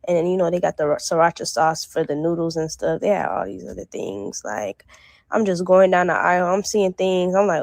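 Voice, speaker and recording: Excitable young woman with a slangy ramble. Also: on the low side, a little fast, creaky, no room sound. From North Miami area. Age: young adult. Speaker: vlogger. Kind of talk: casual shopping vlog.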